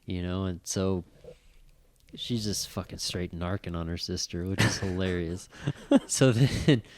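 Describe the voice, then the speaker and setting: A man's voice: sits low, unhurried, no echo. A middle-aged man co-hosting a casual chat show, telling a story with lots of swearing and acted-out quotes. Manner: animated storyteller, swears a lot, acts out quotes. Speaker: podcast co-host.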